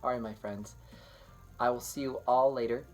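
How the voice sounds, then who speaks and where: A man reading a children's picture book aloud, gentle and expressive, talking kindly to young listeners. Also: medium pitch, moderate pace, soft background music. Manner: gentle, warm-hearted and expressive, talks to kids. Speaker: children's story reader.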